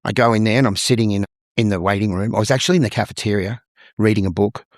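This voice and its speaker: A man's voice: fairly low pitch, fast, no echo, studio quality. A middle-aged Australian man, a musical theatre performer, telling stories from his career in an interview and acting out the voices of the people he quotes. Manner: lively storyteller who acts out the people he quotes. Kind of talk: interview storytelling.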